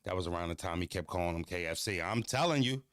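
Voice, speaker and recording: A man's voice: low-pitched, animated, fast, fairly bright tone, smooth, no room sound, studio quality. A young man hosting a livestream, joking loosely and profanely, laughing and roasting his chat. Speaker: livestream host.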